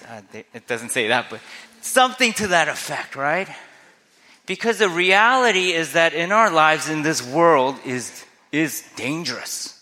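A man's voice: fairly high pitch, expressive, measured pace, pushed and bright. A man preaching a sermon as a pastor, earnest and conversational, often asking his listeners rhetorical questions. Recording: long hall reverb.

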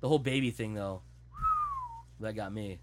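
A man in casual chat, retelling a story in an animated, profane way. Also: fairly low pitch, normal speed, background noise.

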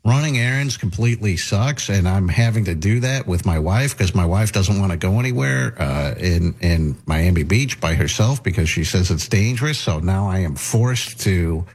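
Husky-voiced male radio host telling stories. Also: low voice, animated, normal speed, few pauses, darkish tone. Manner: rambling anecdote with many restarts and acted-out quotes. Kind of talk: casual talk radio storytelling.

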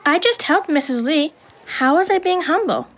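Quiet polite schoolgirl, high voice, helpful, children's audio drama. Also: lively intonation, moderate pace, soft background music. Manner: soft-spoken, polite.

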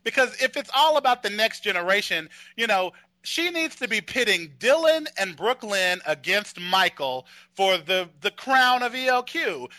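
A high, bright-toned man chatting loosely and gossiping with friends. He is animated and often slips into acted-out lines. The sound is dry and close. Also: moderate pace, no room sound. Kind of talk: casual chat.

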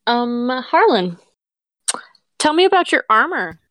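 A woman acting as game master, narrating a tabletop game with steady, patient rulings. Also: sits high, slow pace, no room sound.

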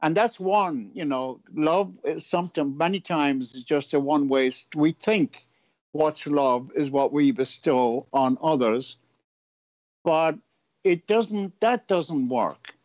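Guest, slightly high voice, slow and halting, dry wit, dead dry room. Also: male voice, a little mellow, no echo, dull audio. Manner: halting, searches for words, wry humour. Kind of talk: interview answers.

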